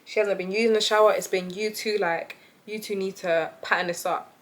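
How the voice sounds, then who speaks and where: A young woman who tells a story in a casual, animated, chatty way and laughs often. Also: medium pitch, fairly quick. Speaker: vlogger.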